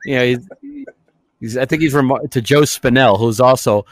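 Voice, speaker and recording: A man co-hosting a casual podcast, riffing on old movies with profanity and sudden shouted impressions. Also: medium pitch, moderate pace, no echo. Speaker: podcast co-host.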